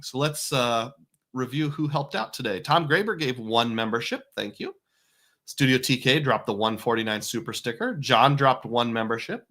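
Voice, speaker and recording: A man's voice: mid-range voice, fairly bright tone. A man hosting a casual livestream, reading viewer comments aloud and thanking donors with frequent chuckles. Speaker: livestream host. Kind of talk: casual live-stream chat.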